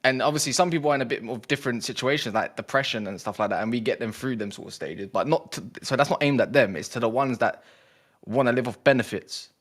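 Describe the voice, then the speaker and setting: Fast-talking ranting man. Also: medium pitch, fairly bright tone. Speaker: podcast co-host. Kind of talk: casual football chat.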